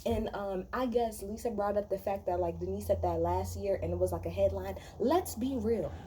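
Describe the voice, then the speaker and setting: A woman's voice: medium pitch, steady tone, a little fast, dark tone, a little hiss or hum. Heated, profane woman ranting. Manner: profane, heated, sarcastic mimicking. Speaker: reality TV recap vlogger. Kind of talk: angry ranting recap.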